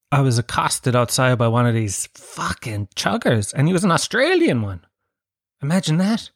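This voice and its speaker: A man's voice: medium pitch, no room sound, clean studio sound. An Irish man hosting a podcast, telling self-mocking comic stories with plenty of swearing. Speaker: podcast host. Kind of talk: solo comic storytelling.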